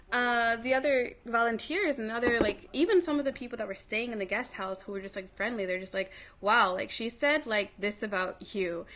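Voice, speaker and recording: A woman's voice: on the high side, a bit bright. A woman hosting a livestream, telling a story in a casual way, full of "like" and other fillers. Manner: chatty, filler-heavy, frequent "like". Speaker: livestream host.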